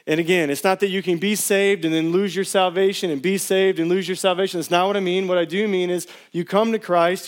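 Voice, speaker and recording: A man in his thirties preaching a sermon to his church, telling personal stories in a casual, animated way. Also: sits high. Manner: storytelling, animated, casual slang. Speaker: pastor.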